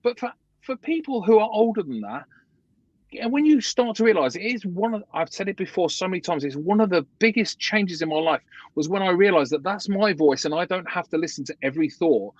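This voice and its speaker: A man's voice: high-pitched, animated, brisk, no echo, dull audio. A man co-hosting a podcast, asking probing questions in casual chat. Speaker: podcast co-host.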